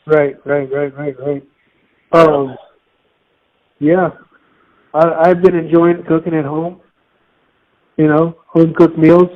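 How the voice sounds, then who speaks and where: A man's voice: on the high side, little pitch movement, slow, pauses often, dull audio. A man from Miami chatting on a podcast, telling stories in a rambling way. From Miami, United States. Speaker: podcast co-host. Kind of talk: casual chat.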